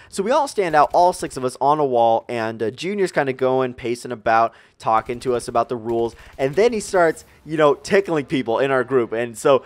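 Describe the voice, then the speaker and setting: A young man telling a story in a casual, animated way, full of "like" and "you know". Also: medium pitch, a little fast, no echo. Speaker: vlogger.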